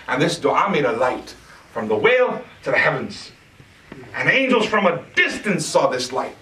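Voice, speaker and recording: Animated male preacher in an echoey hall. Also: a little high. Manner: animated, asks the audience questions. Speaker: mosque lecturer. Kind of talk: sermon. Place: mosque hall. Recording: echoey hall, distant mic.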